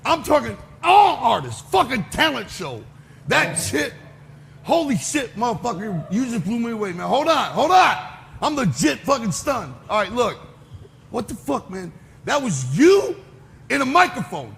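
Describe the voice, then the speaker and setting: A man judges a live talent show, swearing and gushing over a performer. His voice is very high and gravelly, swooping up and down. The sound is a long-reverb hall with a faint hiss. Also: very animated, normal speed, fairly bright tone. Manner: profane, gushing, repeats "dog". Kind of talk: excited live reaction.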